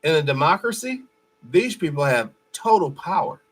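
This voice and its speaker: A man's voice: fairly high pitch, very animated, moderate pace, breathy edge. Blunt, mocking male commentary host. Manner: blunt, profane, mocking, preachy. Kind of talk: reaction commentary over a played clip.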